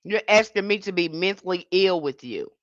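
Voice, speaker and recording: A woman's voice: lowish voice, lively intonation, moderate pace, dry recording, muffled recording. A woman hosting a livestream, giving an impassioned monologue with emphatic, indignant restarts. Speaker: livestream host.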